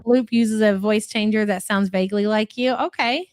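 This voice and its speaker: A woman's voice: mid-range voice, steady tone, normal speed, darkish tone, smooth. A woman from Kentucky with a Louisville accent, hosting a live reaction stream and reading out chat messages in a blunt, chatty way. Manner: chatty, blunt, swears casually.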